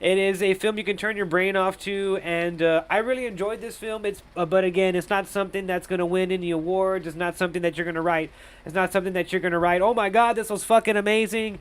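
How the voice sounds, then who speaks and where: Young man, live-stream movie reviewer, smooth clear voice, slightly high, rambling and profane. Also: steady tone, fast talker. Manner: rambling, crude, laughs at his own jokes.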